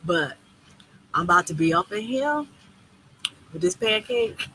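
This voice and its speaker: A woman's voice: lowish voice, very animated, a little slow, sharp tone, a little hiss or hum, heavily acted, rough recording. A woman quoting a laid-back young man she had dinner with.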